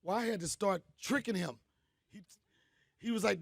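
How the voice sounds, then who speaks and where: Gravelly high-voiced comedian guy, dry close mic, punchy animated stories. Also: moderate pace, no echo. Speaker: comedian host. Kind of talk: storytelling monologue.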